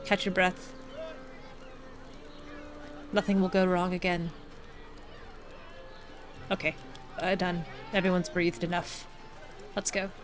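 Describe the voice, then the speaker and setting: A woman's voice: lowish voice, level tone, takes it slowly, long pauses. A woman streaming a video game, reading its text aloud with wry, chatty asides.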